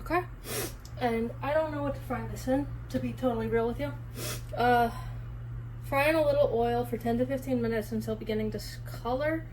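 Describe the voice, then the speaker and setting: A woman's voice, on the high side with a darkish tone and a brisk pace, carries a casual cooking vlog. A streamer and cooking vlogger, she rambles, mocks herself and swears freely while cooking amid kitchen noise and chopping.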